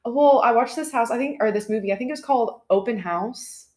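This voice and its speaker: A woman's voice: a little high, fairly quick, darkish tone. A young woman co-hosting a podcast, chatting casually and telling scary stories, with lots of fillers. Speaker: podcast co-host.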